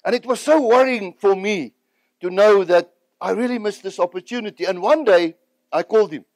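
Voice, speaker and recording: A South African evangelist with a high, light voice recounts his own story with earnest feeling. The recording is close and dry, with no room echo. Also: normal speed, a little mellow. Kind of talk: personal testimony.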